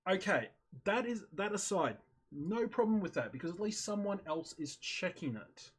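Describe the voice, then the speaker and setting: A man with a husky, slightly breathy voice that sits a bit higher than most men's. He talks casually over voice chat and tells a story with animated energy. He acts out his own reactions as he goes. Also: normal speed. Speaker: streamer in voice chat. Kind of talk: casual chat, retelling a video. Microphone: headset or desk mic on voice chat.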